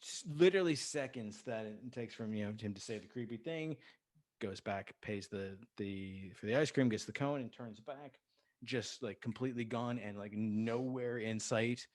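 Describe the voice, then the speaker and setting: A man's voice: lowish voice, normal speed, darkish tone, dry recording. A man co-hosting a podcast, casually recapping a film with lots of fillers and laughter. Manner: rambling, laughs, acts out quoted lines. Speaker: podcast co-host. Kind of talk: casual movie recap chat.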